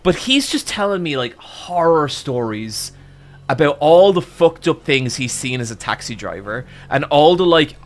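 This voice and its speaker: Young male streamer spinning an animated, profane anecdote, slightly high voice, lots of restarts. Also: measured pace. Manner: animated, swearing, with frequent restarts and "I'm like" quotes. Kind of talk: casual storytelling to a stream chat.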